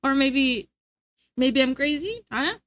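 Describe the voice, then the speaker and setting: A woman's voice: high-pitched, lively intonation, takes it slowly, a bit bright, dry recording. A woman streamer chatting casually and playfully with her live chat, laughing often.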